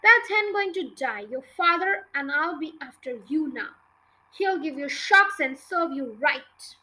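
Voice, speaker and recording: A woman voicing a cranky, boastful old grandmother who shouts scornfully in slow, drawn-out words. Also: high-pitched, lively intonation, full character voice, low-quality recording. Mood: alarmed.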